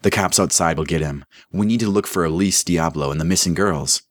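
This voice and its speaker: A man's voice: low-pitched, fairly quick, dry recording. A man voicing a blunt, impatient male investigator boss.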